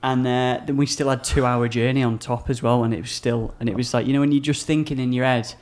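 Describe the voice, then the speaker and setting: A man's voice: medium pitch, steady tone, quick pace, darkish tone. A man hosting a podcast, laid-back and swearing casually as he tells travel stories.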